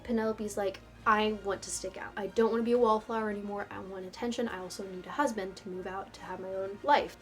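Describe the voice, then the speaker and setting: A young woman delivers a ranting video essay in a sarcastic, exasperated tone, swearing now and then. Her pitch sits in an ordinary middle range. Soft music plays faintly behind her.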